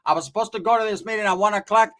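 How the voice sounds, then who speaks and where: A man's voice: high-pitched, fairly quick, pitched above the performer's own voice. A man voicing a bossy, foul-mouthed middle-aged aunt who nags and makes demands. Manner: loud, nagging, demanding.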